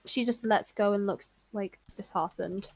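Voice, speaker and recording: A woman's voice: medium pitch, unhurried, darkish tone. A woman running a tabletop game as game master, narrating scenes and voicing the characters lightly.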